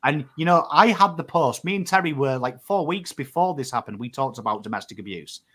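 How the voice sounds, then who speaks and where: A man's voice: a little high, expressive, brisk, a bit bright. An emotive Australian man co-hosting a casual podcast, talking emphatically, swearing freely and acting out what he tells his mates. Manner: acts out quotes of mates in conversation. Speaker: podcast co-host.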